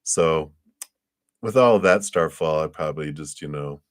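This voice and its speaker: Low-voiced man giving upbeat tarot readings. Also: measured pace. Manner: upbeat and reassuring, acting out little dialogues. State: drowsy and yawning. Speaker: tarot reader. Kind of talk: casual livestream tarot reading.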